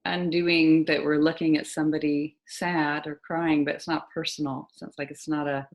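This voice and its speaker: A woman facilitating a self-inquiry session, asking guiding questions calmly and murmuring as she listens. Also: low-pitched. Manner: calm and unhurried, with frequent soft "mm" listening sounds.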